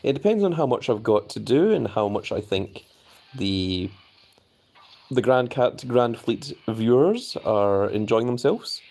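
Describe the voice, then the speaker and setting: A man's voice: medium pitch, expressive, a little slow, a little mellow. A man hosting a casual live stream, chatting loosely and reading viewer messages aloud.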